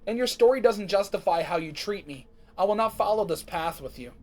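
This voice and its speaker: A man voicing an excitable young female pony who turns bitter and scolding. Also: high voice, fairly quick. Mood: cold. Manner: bubbly, then sharply scolding.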